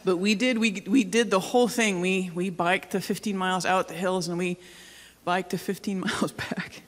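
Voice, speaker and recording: A woman's voice: lowish voice, fairly even intonation, moderate pace. A woman pastor giving a sermon in a casual, joking way, often asking the congregation questions. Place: church hall. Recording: long hall reverb.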